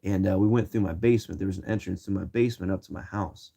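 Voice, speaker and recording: Man in his twenties, casual vlog storytelling, slangy, rambling, mellow low voice. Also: fast talker, vocal fry, husky. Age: 20s. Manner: slangy, rambling, many fillers and restarts. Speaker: vlogger.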